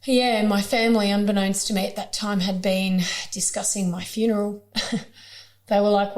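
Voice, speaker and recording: A woman's voice: medium pitch, level tone, moderate pace, darkish tone. A woman with an Australian accent, a podcast guest telling her personal story in a frank, emotional, conversational way, with some blunt swearing.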